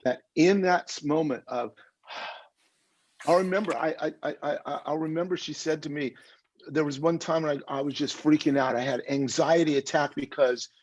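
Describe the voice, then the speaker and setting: A man telling a personal story in a spiritual talk, animated and laughing as he retells it, speaking on a video call. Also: on the high side, normal speed, slight background noise. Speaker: guest speaker. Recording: dull lo-fi call audio.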